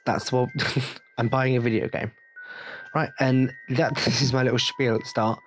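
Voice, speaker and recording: Blunt, swearing English man ranting. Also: mid-range voice. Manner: blunt, jokey, swearing freely. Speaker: podcast host. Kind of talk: casual rant.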